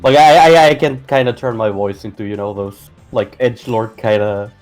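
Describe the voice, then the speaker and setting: A man's voice: lowish voice, normal speed, a little mellow, soft background music. A man co-hosting a game stream, playful and fond of doing silly voices. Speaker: stream co-host. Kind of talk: casual gaming chat.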